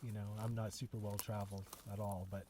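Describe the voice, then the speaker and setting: Male podcast host, low warm voice, earnest and reflective, mic a bit far off. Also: flat delivery, fast talker. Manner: reflective, earnest, many restarts. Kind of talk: casual conversation. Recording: distant mic with faint noise.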